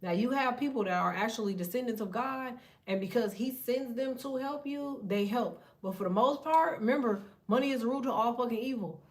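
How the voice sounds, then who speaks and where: A woman giving a casual tarot reading, talking bluntly with heavy profanity and a preachy edge. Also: on the high side. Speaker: tarot reader.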